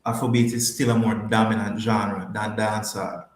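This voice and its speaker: A man's voice: fairly low pitch, level tone, normal speed, roomy sound, slight background noise. Jamaican man riffing on a podcast. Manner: emphatic, repeats phrases. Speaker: podcast host. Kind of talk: casual livestream chat, answering viewers.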